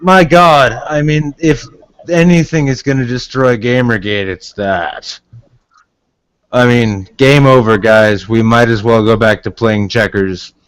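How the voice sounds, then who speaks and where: A man's voice: mid-range voice, steady tone, measured pace, clear, resonant tone, dry recording. A man in casual voice chat, joking, swearing and needling the others. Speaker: voice chat participant.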